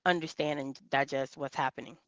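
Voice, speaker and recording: A caller to a talk stream speaks in a very deep, steady voice at a fairly quick pace, rambling earnestly and restarting her sentences often in casual call-in chat. The audio is dull, with no echo.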